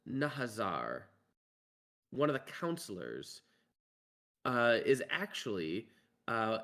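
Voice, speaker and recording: A man running a tabletop game as game master, talking in a halting way full of filler words. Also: fairly low pitch, a bit bright.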